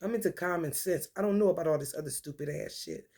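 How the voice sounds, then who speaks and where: A woman talking in a rambling, casual monologue, profane and free-associating, with an animated delivery. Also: sits low, fast talker, husky.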